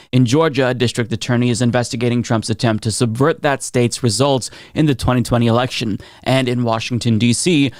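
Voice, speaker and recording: A man's voice: mid-range voice, no room sound, clean studio sound. Sardonic man reading news commentary. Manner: wry, sardonic.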